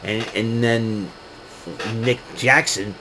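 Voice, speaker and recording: Male host, mid-pitched, loose rambling recap with laughs and a faint background hum. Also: fairly even intonation, extremely slow, bright, forceful tone, poor audio. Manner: rambling, laughs often, hesitant fillers. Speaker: podcast host recapping wrestling. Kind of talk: casual recap.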